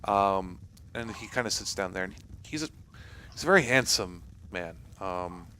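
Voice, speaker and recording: A male game master describes a scene in a lowish voice, wandering through his sentences. A faint hum runs in the background. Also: expressive, normal speed, bright, forceful tone. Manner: rambling, many fillers and restarts. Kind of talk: narrating a tabletop game.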